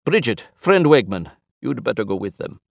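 A grave older scientist, played by a male narrator, speaks in formal, measured sentences. His gravelly voice swings widely in pitch. It is an audiobook character. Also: sing-song, no room sound, clean studio sound.

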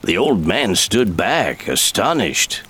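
A man reading a story aloud in measured, expressive audiobook narration. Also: lowish voice, slightly rough. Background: soft background music.

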